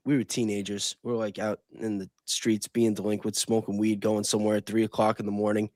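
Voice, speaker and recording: A man's voice: medium pitch, a bit bright, no room sound, clean studio sound. A man co-hosting a casual podcast chat, joking and restarting his sentences as he tells a story. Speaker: podcast co-host.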